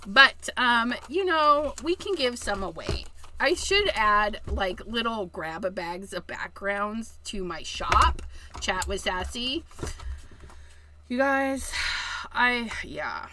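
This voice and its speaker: A woman's voice: fairly high pitch, expressive, takes it slowly, background noise. A woman hosting a casual live-stream card-making demo, chatting and joking with her viewers as she works. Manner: chatty, addresses viewers as "you guys", giggly asides.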